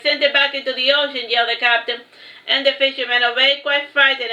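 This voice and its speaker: A woman reads her own first-person tale aloud, her voice high and bright. She keeps an even, flat read-aloud delivery and stumbles over a word now and then. The sound is roomy with echo and a little dull and lo-fi. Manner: steady read-aloud delivery with occasional slips. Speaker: author reading her own book. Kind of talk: first-person storybook narration. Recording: echoey room, slightly dull lo-fi sound.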